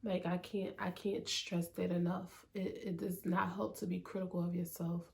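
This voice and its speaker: A woman's voice: on the low side, flat delivery, normal speed, vocal fry, darkish tone. A young woman, vlogging candidly about her own life in a conversational way, with many "like"s and "um"s. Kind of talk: candid personal vlog talk. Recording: faint music underneath.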